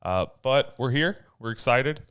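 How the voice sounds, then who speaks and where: A man co-hosting a casual sports podcast, relaxed and thoughtful as he gives his views. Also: medium pitch, a little slow, clean tone. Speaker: podcast co-host.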